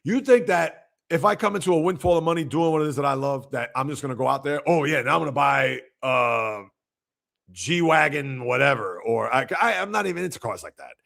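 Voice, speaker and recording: A man hosts a casual sports livestream in a raised, gravelly voice. He rambles and fires off rhetorical, exasperated questions. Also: a little high, expressive, quick pace, few pauses.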